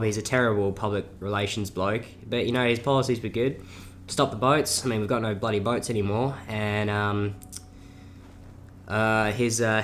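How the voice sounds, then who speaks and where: A man's voice: mid-range voice, fairly bright tone, slight background noise. A seventeen-year-old man with a South Australian accent, rambling through a casual Q&A vlog with lots of fillers and swearing. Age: teens. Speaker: YouTuber.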